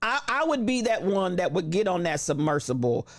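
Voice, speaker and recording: A livestream host in casual chat, reading viewer comments aloud with slangy shout-outs and frequent laughter. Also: mid-range voice, big pitch swings, moderate pace, dry recording.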